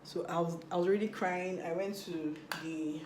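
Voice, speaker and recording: A young woman telling a storytime vlog while doing her makeup, chatty and animated, acting out what people said. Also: on the low side, moderate pace, echoey room, background noise. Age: young adult. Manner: chatty, animated retelling with acted quotes. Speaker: vlogger.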